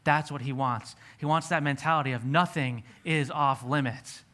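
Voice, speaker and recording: A man's voice: mid-range voice, moderate pace. A young man preaching a sermon as a pastor, telling personal stories and acting out his own past words with animation. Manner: storytelling, animated when quoting himself.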